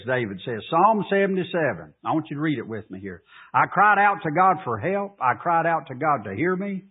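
A man preaching a sermon as pastor, reading scripture aloud and pressing his congregation with emphatic, drawn-out questions. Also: slightly rough. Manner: preaching, rising to emphatic high pleas, drawn-out delivery. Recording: tinny phone-like radio broadcast.

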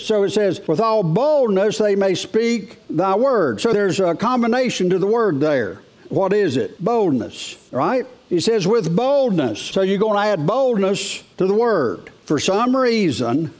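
A man's voice: sits high, darkish tone. A middle-aged man preaching a sermon in a folksy way, asking the congregation rhetorical questions and reading scripture aloud.

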